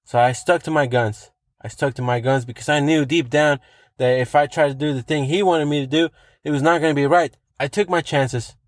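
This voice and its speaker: A man's voice: a little high, fairly even intonation, brisk, no room sound, clean studio sound. A man ranting on his own, swearing freely and hammering points home by repeating them. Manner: profane, emphatic, repeats himself for effect. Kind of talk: solo rant monologue.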